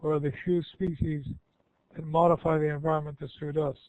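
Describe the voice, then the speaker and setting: A little high and flat, the older man's voice moves at a fairly quick clip as he rambles informally through students' questions, folksy and often backtracking to correct himself. He's the guest speaker, heard with no room sound over a tinny, phone-like connection.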